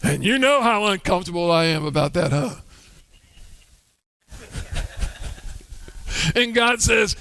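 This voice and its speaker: High-voiced, bright-toned male pastor preaching. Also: expressive, slow, gravelly, pauses often. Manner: humorous, acts out quoted voices. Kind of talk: sermon. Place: church sanctuary. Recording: long church hall reverb.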